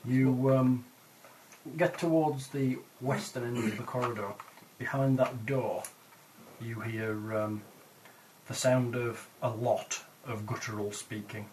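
A man's voice: medium pitch, fairly even intonation, slow pace, a little mellow, distant mic, slight background noise, low-quality recording. A man narrating a tabletop game as game master, describing scenes with hesitant fillers.

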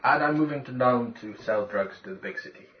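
A man at a tabletop game table, laid-back, throwing in quick replies. His voice echoes around the room, and a clear hiss sits under the dull, muffled recording. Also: medium pitch, distant mic. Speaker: player. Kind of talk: casual tabletop game chat.

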